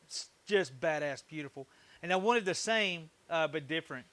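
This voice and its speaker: A middle-aged man with a bright, fairly high voice talks loosely with viewers on a woodworking stream, cracking jokes and thanking new followers. He rambles as he works at the bench. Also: lively intonation, normal speed, dry recording. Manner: chatty, joking, thanks viewers often. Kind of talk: casual live-stream chat while working.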